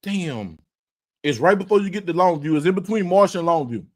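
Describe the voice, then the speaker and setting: A man, hosting a casual podcast and telling an animated story, repeating words and swearing as he acts out quotes. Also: high-pitched, a little fast. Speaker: podcast host.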